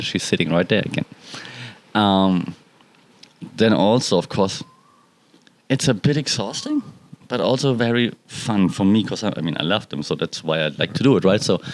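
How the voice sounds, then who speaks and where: A man hosting a casual solo podcast from his balcony, rambling and stopping to talk to his cats. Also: on the low side. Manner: relaxed, rambling, talks to his cats mid-sentence. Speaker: podcast host and cat owner. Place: balcony at home.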